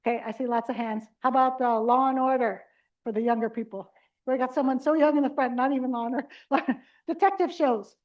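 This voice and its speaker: A middle-aged woman with a high, bright-sounding pitch leads a caregiver workshop before a live audience. She talks in a chatty, animated way and acts out quick scenes. The recording is dull and lo-fi. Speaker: dementia care trainer. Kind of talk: live conference workshop talk.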